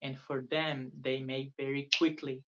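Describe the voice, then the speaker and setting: Brief: patient man leading a beginner live-stream lesson, speaks slowly, dull lo-fi audio. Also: mid-range voice, little pitch movement, a bit bright. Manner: patient, earnest, repeats phrases for the viewer to copy. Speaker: Spanish tutor. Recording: dull lo-fi sound.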